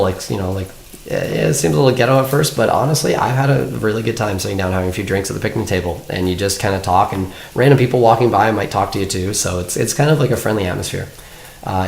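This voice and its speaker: A young man from Canada chatting casually as a vlogger in his apartment, laid-back and full of "like". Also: lowish voice. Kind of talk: casual chat. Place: apartment room. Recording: echoey room, faint noise.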